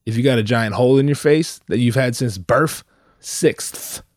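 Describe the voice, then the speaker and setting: This young podcaster talks fairly quickly in a mid-range voice, meandering through a profane, self-deprecating solo chat while sick and a little nasal. He uses a headset and microphone, and the audio is dry and studio quality.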